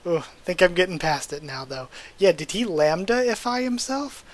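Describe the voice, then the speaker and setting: Young man, comic readthrough host, emotional reactions, fairly high voice. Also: moderate pace. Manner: animated, openly emotional reactions. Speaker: channel host reading a comic.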